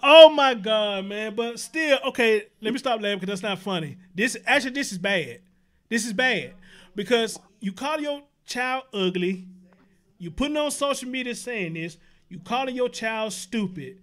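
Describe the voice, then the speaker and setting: A man's voice: sits high, expressive, moderate pace, bright, forceful tone. A man hosting an online show, reacting to a viral video with incredulous rhetorical questions. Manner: incredulous, laughing through outrage, rhetorical questions. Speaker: show host. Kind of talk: reaction commentary.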